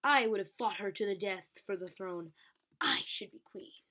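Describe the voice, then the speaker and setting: A woman's voice: mid-range voice, moderate pace, pushed and bright. A woman voicing a vain, dramatic young female dragon who declaims her claims.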